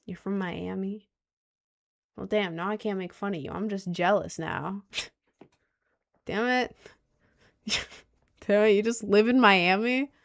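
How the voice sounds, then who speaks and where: A woman's voice: mid-range voice, slow pace, gravelly, long pauses. A young woman hosting a casual livestream, answering her chat in a rambling, giggly way and often repeating herself. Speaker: livestream host reading chat.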